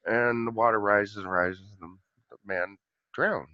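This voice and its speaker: A man's voice: fairly low pitch, fairly even intonation, a little slow, bright, forceful tone, no echo, lo-fi sound. A man in casual conversation who rambles with many restarts and acts out the voices in a joke he tells.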